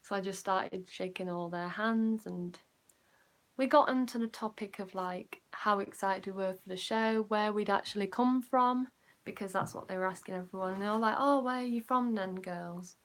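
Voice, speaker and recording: A teenage Yorkshire girl chatting through a storytime vlog, voice sitting at an ordinary middle pitch. She rambles with plenty of "like" fillers, and her voice sinks softer whenever she remembers being nervous. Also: fairly even intonation, normal speed. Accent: Yorkshire English. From Yorkshire, England. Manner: chatty, rambling, many "like" fillers, drops quieter when recounting nerves. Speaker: vlogger. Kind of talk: casual storytime.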